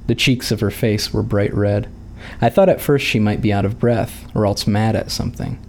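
Low gravelly male storyteller. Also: slight background noise. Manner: calm, measured narration. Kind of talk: reading a short story aloud.

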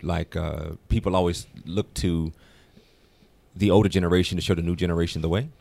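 A man co-hosting a casual film podcast, who talks thoughtfully and builds his points slowly. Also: low voice, fairly even intonation, creaky, warm tone, dry recording. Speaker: podcast co-host.

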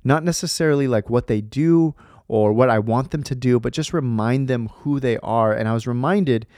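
A man in his thirties hosts a faith podcast in casual talk, speaking earnestly but rambling with fillers and restarts. His voice is mid-range and a little mellow, at a moderate pace. The recording is studio quality with no echo.

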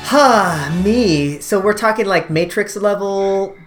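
A woman's voice: mid-range voice, animated, takes it slowly. A woman co-hosting a podcast, running a quiz in playful, casual chat and laughing often. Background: game music.

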